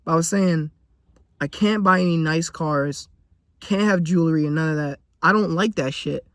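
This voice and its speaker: Young man ranting, high and blunt. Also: moderate pace, no room sound, clean studio sound. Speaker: vlogger. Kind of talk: casual venting monologue.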